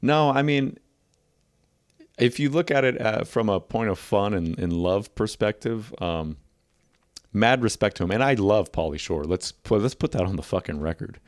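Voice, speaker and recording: A man's voice: fairly low pitch, expressive, normal speed, no echo, clean studio sound. A man co-hosting a podcast in casual chat, laid-back and swearing freely. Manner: laid-back, swears often, slips into jokey voices. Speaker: podcast co-host.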